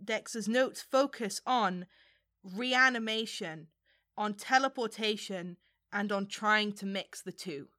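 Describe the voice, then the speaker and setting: A woman's voice: mid-range voice, bright, forceful tone. A woman running a tabletop game in a casual, giggly chat with her players. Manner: giggly, quick to laugh. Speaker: game master.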